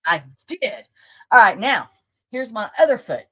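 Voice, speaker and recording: A woman hosting a live craft product showcase as the shop owner, brisk and emphatic. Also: on the high side, very animated, fairly bright tone, husky.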